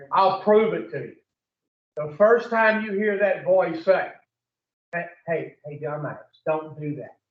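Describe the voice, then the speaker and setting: An addiction recovery speaker with a high voice preaches to a group, blunt and profane, peppering them with questions. The room is echoey and the mic sounds distant and muffled.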